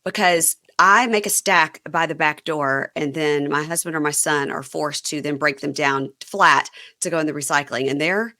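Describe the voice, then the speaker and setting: A woman's voice: low voice, normal speed, hardly any pauses, sharp tone. A middle-aged woman hosting a podcast, chatty and wry as she recaps a show. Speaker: podcast host. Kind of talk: casual chat.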